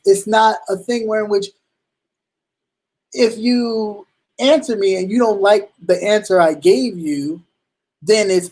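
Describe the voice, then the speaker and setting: A man hosting a talk show in casual commentary, slangy and animated, acting out little exchanges, with halting restarts. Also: high-pitched. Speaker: show host.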